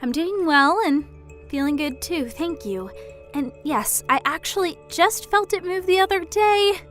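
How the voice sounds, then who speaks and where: A woman acts out a gentle young pregnant woman in a drama. She answers politely and a little hesitantly in a high voice. Faint music runs under her lines. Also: lively intonation, measured pace, exaggerated voice.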